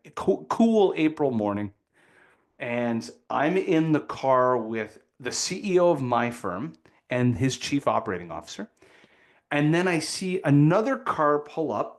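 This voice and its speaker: A man in his forties from Canada, telling a personal story as a podcast guest in a lively, dramatic way. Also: mid-range voice. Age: 40s.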